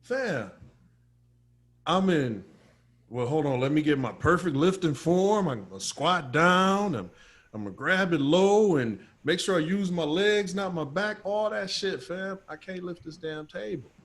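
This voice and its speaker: A man's voice: fairly high pitch, lively intonation, a little slow. A man co-hosting a podcast, telling a story in casual chat full of profanity and slang. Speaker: podcast co-host.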